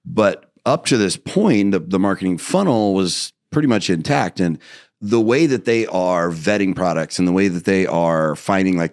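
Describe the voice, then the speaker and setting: A young man with a very deep voice hosts a casual business podcast. He talks loosely, with many filler words, and the recording is close and dry, with no room sound. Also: a little mellow, no room sound. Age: young adult. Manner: backchannels often, rambling with fillers. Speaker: podcast host.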